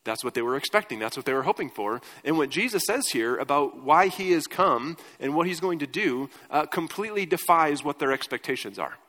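A man's voice: a little high, animated, fairly quick, hardly any pauses, fairly bright tone. A man preaching a sermon as pastor in a conversational way, asking his congregation questions. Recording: reverberant church hall.

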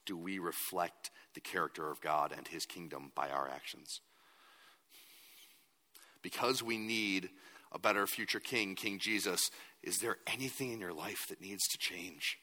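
A man's voice: deep voice, unhurried, sharp tone, in a large hall. A man preaching a sermon as a pastor, earnest and at times emphatic.

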